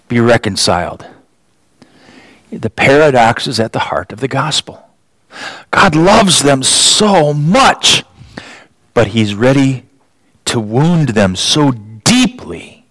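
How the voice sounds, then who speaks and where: Slow, dramatic preacher man. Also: fairly bright tone, no room sound, rough recording. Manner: dramatic rises in pitch for emphasis, frequent restarts. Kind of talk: sermon.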